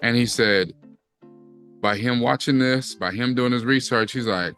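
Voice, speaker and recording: A man's voice: mid-range voice, unhurried, a bit bright, soft background music. A middle-aged man, co-hosting a casual chat and acting out quotes as he tells a story. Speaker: co-host.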